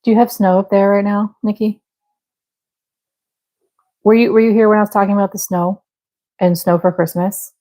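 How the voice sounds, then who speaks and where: On poor audio, a woman from the American Midwest talks with her live viewers while she crochets, rambling apologetically with little laughs and fillers. Her warm voice is medium in pitch with little pitch movement, at a moderate pace with frequent pauses.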